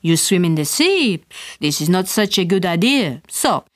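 A woman voicing a suave young male doctor with a smooth, offhand manner. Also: on the low side, big pitch swings, measured pace, dry recording, clean studio sound.

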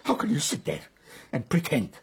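Brief: husky, mercurial statesman, lively swooping delivery, leans higher. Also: moderate pace, exaggerated voice. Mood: outraged. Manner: mercurial, swings from wry jokes to outraged tirades. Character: volatile, theatrical male prime minister, middle-aged. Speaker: prime minister.

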